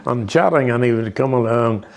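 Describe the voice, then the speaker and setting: A man's voice: mid-range voice, normal speed, creaky. A man in his eighties with a Northern Irish accent, telling rambling anecdotes in an interview with many restarts and fillers. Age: 80s. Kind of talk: reminiscing conversation.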